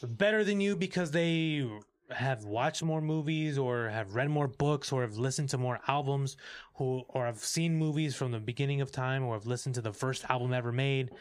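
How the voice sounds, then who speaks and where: A young man co-hosting a podcast, chatting casually about movies, animated and swearing, acting out scenes in quick bursts. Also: mid-range voice, clear, resonant tone. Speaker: podcast co-host. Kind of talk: casual movie review chat.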